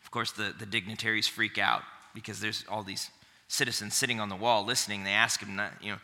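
A man's voice: lowish voice, little pitch movement, fairly quick, sharp tone, long reverb tail. A man preaching a sermon in a conversational way, often repeating a word as he restarts a phrase. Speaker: pastor.

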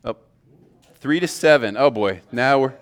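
A man's voice: medium pitch, measured pace. Man teaching a preaching class, conversational. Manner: loose and conversational, with fillers and self-corrections. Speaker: preaching instructor.

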